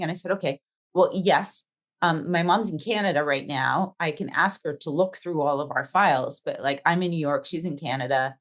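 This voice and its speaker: Lively storytelling woman, low-pitched. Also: normal speed. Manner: animated storyteller acting out dialogue. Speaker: podcast co-host. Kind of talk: casual chat.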